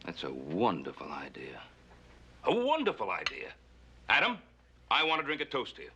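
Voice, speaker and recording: A man's voice: low-pitched, huge pitch swings, moderate pace, bright, forceful tone, breathy edge, exaggerated voice. An actor playing a stern older rancher and father of grown sons, speaking earnestly in a 1960s television western.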